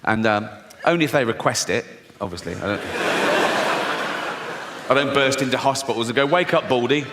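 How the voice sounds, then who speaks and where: A man's voice: medium pitch, a little fast, pauses often. An English man doing stand-up comedy on a theatre stage, telling stories in a wry, conversational way. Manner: wry, conversational storytelling with dark punchlines. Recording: hall reverb, faint noise.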